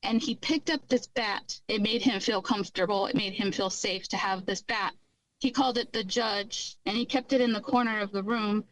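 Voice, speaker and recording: A woman's voice: mid-range voice, fairly even intonation, normal speed, fairly bright tone, no echo, poor audio. A middle-aged woman earnestly recounting her own hard past in a candid personal testimony. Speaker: guest recounting her life.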